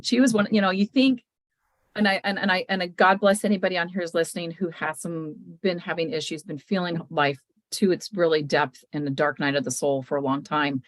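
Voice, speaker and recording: A woman hosting a casual chat, telling customer stories with lively retold quotes. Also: lowish voice, fairly quick, dry recording. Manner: animated storytelling, retells others' words.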